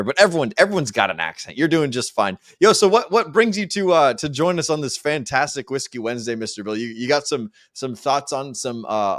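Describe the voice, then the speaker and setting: A man's voice: medium pitch, no room sound, clean studio sound. A man from Washington State hosting a livestream panel chat, with a hyped, loose emcee manner. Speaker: host.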